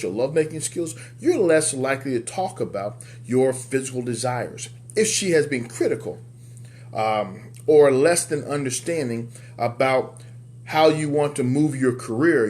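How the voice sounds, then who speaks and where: A man's voice: a little mellow, slight background noise. Emphatic man giving a motivational talk. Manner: emphatic, preacher-like, repeats key words for effect; jumps up in pitch on punch lines. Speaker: men's life coach and show host.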